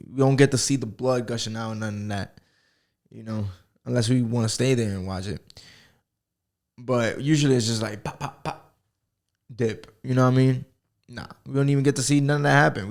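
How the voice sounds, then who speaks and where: With a mid-range voice that is a little fast, creaky, and slightly mellow, a young man from the US carries a solo comedy podcast on his own. He rambles casually, curses, and laughs at himself.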